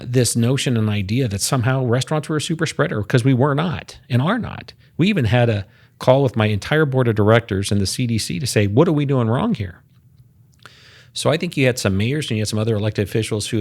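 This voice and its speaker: A man's voice: fairly low pitch, creaky, husky. A man speaking as a guest on a podcast, emphatic, piling up figures and restarting his words. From United States. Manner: emphatic, statistic-heavy, repeats words when starting. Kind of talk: casual podcast interview.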